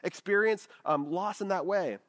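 A man's voice: high voice, normal speed, fairly bright tone. A man preaching a sermon in a casual, conversational way, often checking in with his listeners with "right?". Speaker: pastor.

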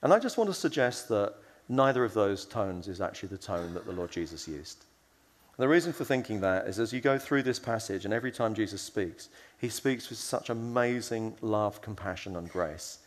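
A man's voice: fairly low pitch, lively intonation, moderate pace, in a large hall. A man giving a conference sermon in a conversational way, telling stories and acting out the voices he quotes. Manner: storytelling, acts out quoted voices; conversational with fillers and restarts. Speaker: conference speaker.

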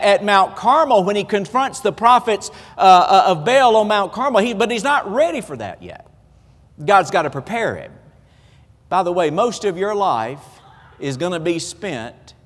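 A man's voice: high voice, fairly bright tone, big-room sound. A man with a Southern US accent preaching a sermon, telling folksy, self-deprecating stories with humor. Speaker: pastor.

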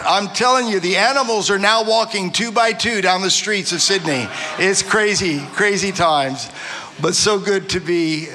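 An older man in his sixties preaching with exuberant warmth toward his listeners. His voice sits a little high and sounds forceful and bright, and he trips over and restarts his phrases as he goes. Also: measured pace, slight background noise. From Arizona. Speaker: visiting pastor. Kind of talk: sermon.

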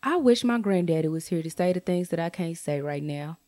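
Animated woman ranting to her viewers. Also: fairly quick. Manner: animated, swings to high exclaims; blunt, profane, talks straight to viewers. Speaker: vlogger. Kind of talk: casual storytime rant.

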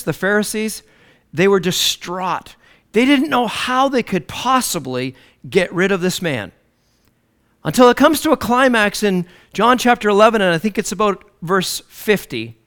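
Man, preacher, sermon, high voice, very animated pitch, dramatic delivery. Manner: dramatic, swinging from loud declarations to low hushed lines.

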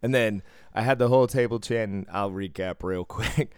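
A man with a low, smooth, clear voice tells stories on a casual podcast. He laughs often and swears freely. The sound is dry and close. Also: moderate pace, no room sound. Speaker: podcast co-host.

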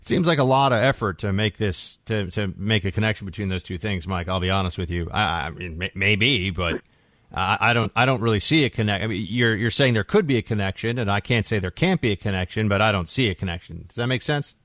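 A man hosting a talk radio show, telling stories in an animated, conversational way into a studio microphone. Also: lowish voice, fast, dry recording.

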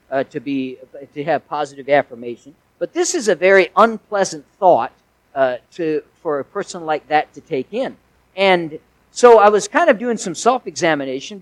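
A man's voice: a little high, dry recording, low-quality recording. A male pastor delivering a sermon in a conversational way, with folksy asides and emphatic swells.

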